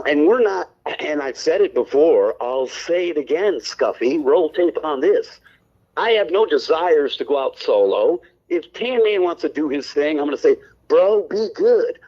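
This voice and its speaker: A man's voice: a little high, darkish tone, muffled recording. A man co-hosting a call-in stream show, ranting on air in a brash, defensive and profane way. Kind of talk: heated on-air rant.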